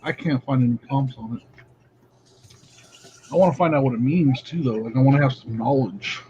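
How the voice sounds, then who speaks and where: A man's voice: mid-range voice, normal speed, warm tone, a little hiss or hum. Reseller co-host, man, chatty storyteller on a muffled stream mic. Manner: storytelling, laughs mid-sentence. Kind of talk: casual chat.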